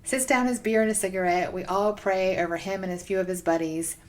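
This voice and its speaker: A young woman hosting a faith podcast, telling stories in a casual, excited way with lots of "like". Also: mid-range voice, fairly quick. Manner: excited, gushing, heavy use of "like". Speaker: podcast host.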